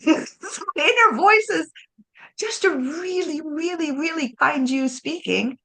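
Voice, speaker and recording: A woman chatting casually about spirituality, animated, laughing often and acting out voices. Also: high voice, unhurried, vocal fry.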